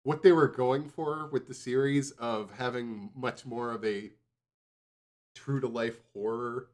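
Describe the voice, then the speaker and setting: A man's voice: medium pitch, steady tone, a little slow, darkish tone. A man chatting casually on a podcast, rambling, laughing and swearing freely.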